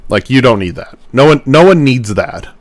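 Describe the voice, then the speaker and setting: A man's voice: mid-range voice, big pitch swings, normal speed, no echo. A young man and podcast host chatting casually on a livestream while editing his own show, self-mocking and rambling, with some swearing.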